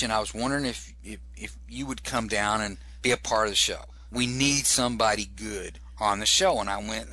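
Middle-aged comedian with a bright, tense voice, spinning a loose anecdote. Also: male voice, on the low side. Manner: rambling, repeats words for comic effect. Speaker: comedian telling a story. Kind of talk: casual storytelling.

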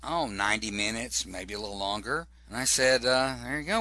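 Middle-aged comedian with a bright, tense voice, spinning a loose anecdote. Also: male voice, mid-range voice, moderate pace, few pauses, no echo. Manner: rambling, repeats words for comic effect. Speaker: comedian telling a story. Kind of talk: casual storytelling.

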